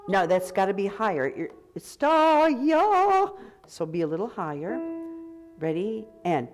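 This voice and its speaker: A woman's voice: lowish voice, normal speed, a little mellow. A woman directing a choir rehearsal, counting beats aloud and sometimes singing the counts to demonstrate. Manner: sings short count phrases to demonstrate. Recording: music heard clearly behind the voice.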